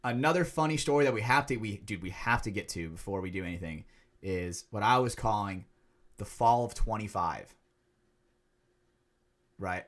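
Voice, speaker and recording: A young man co-hosting a casual podcast, telling stories in an animated, profane way. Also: lowish voice, moderate pace, long pauses. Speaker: podcast co-host.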